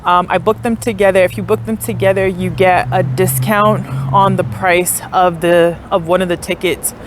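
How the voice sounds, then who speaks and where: A young woman vlogs a tour of a historic house, moving between outdoors and inside the tourist building, chatting to viewers with lots of "like" fillers and unsure asides. Her voice is on the low side with fairly even intonation and a moderate pace, over a little hiss or hum.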